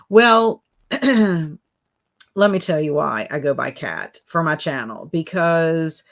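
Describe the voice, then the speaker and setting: A woman's voice: low voice, takes it slowly. Chatty woman hosting a live stream. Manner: rambling, chatty, lots of fillers. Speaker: livestream host reading chat comments. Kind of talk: casual chat. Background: soft background music.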